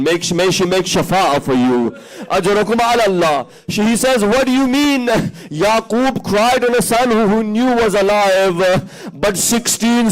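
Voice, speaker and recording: A man's voice: high-pitched, poor audio. A man delivering an impassioned mourning sermon at a religious centre, his voice rising into emotional cries. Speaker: preacher reciting a majlis. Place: mosque community centre.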